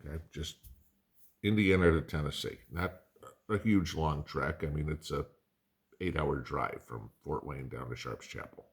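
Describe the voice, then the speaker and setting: Middle-aged guy with a super deep voice, chatty and folksy, just talking to the camera. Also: a little slow. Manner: conversational, rambling, folksy asides. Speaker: prepping channel host. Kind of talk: casual talk to camera.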